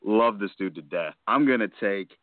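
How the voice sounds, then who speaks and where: A man's voice: fairly low pitch, normal speed, dry recording. A man co-hosting a casual wrestling podcast, thinking aloud with a laugh in his voice. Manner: lively, laughing, thinking out loud. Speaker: podcast co-host. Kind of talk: casual wrestling fantasy draft chat. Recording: tinny phone-line audio, dry.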